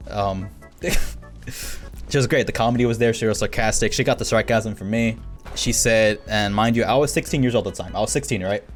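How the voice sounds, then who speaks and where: Young male streamer, low-ish voice, animated casual storyteller, faint music under. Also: a little fast. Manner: animated, acts out quoted people with laughs.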